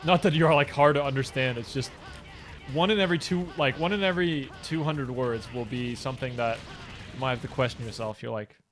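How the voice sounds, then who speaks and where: Young male streamer at mid pitch, casual and profane with faint game music behind him. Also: brisk, fairly bright tone. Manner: casual, profane, chatty with viewers. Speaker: speedrunner streaming. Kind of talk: live gaming stream chat.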